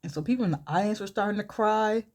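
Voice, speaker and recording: A woman's voice: mid-range voice, quick pace, darkish tone. A woman casually telling a story during a makeup tutorial, chatty and full of fillers, with asides to herself as she works. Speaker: vlogger and storyteller.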